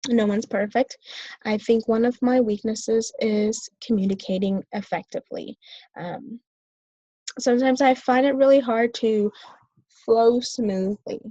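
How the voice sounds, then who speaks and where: A woman's voice: on the high side, unhurried, warm tone, no room sound, muffled recording. Hesitant young woman with lots of fillers. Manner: hesitant, many fillers and restarts. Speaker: student. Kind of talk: self-reflective talk.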